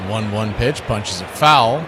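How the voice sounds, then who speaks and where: A man hosting radio baseball play-by-play, mixing chatty opinions between pitch calls and lifting his voice for big plays. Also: a little slow. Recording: noisy background.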